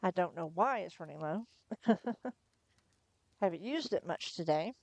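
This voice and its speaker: A woman reading a novel aloud on a livestream in first person, chatty between chapters, her voice going hoarse. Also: lowish voice, animated, measured pace, a little mellow, no room sound. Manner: chatty, laughs between asides. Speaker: livestream storyteller.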